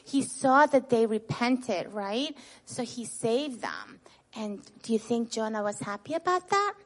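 A woman teaching children a Bible lesson. She retells the story in a lively, expressive way, tags nearly every sentence with "right?" and asks the children questions before answering them herself. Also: fairly high pitch, a little slow.

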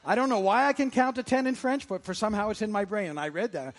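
A man's voice: sits high, fairly quick, big-room sound. A man preaching a sermon as pastor, conversational and jokey, with frequent restarts. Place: church sanctuary.

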